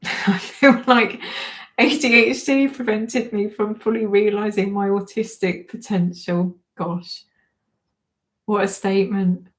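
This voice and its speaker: A chatty woman in her forties hosts a relaxed livestream, answering comments in a friendly, self-deprecating way. She keeps dissolving into giggles between her words. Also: medium pitch, slow. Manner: giggly, keeps breaking into laughter. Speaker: livestream host. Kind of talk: casual livestream chat reading comments.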